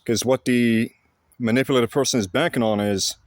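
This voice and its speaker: A man talking to camera in a casual explanatory monologue, halting and blunt, with frequent fillers and restarts. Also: mid-range voice, steady tone, dry recording, studio quality. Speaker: vlogger.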